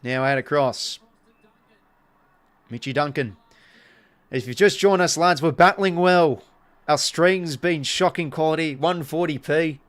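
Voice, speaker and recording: Excitable Australian man calling footy live. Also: a little high, unhurried, long pauses. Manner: excitable play-by-play, chatty asides to viewers. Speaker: live stream commentator. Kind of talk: casual live watch-along commentary.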